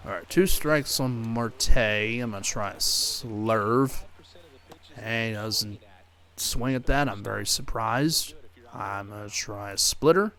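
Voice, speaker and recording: A man's voice: on the low side, fairly bright tone, clear, resonant tone. Man muttering through his gameplay. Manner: muttering play-by-play, mild frustrated outbursts. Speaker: gaming video creator. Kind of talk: casual gameplay commentary.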